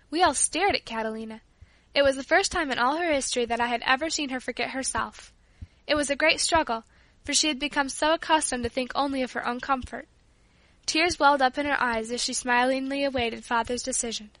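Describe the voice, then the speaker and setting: High, bright woman reading a story. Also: fairly quick, dry recording. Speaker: audiobook reader. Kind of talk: scripted narration.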